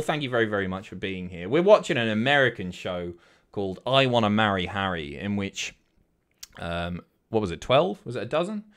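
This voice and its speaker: A man's voice: on the low side, sing-song, a little fast. A man streaming, chatting casually and joking with his chat, swearing freely. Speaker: streamer reacting to a reality show.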